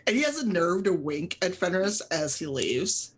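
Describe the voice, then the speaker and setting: A woman's voice: lowish voice, lively intonation, normal speed, few pauses, husky. A woman narrating as game master of a tabletop game, chatty and full of fillers.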